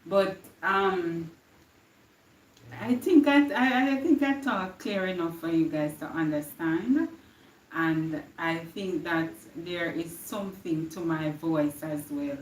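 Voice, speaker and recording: A woman's voice: on the low side, slow pace, echoey room, recorded from a distance, a little hiss or hum, rough recording. A young woman with a Jamaican accent giving an earnest inspirational live-stream talk, slipping into patois now and then. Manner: earnest, preachy, slips into patois. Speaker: live-stream motivational speaker.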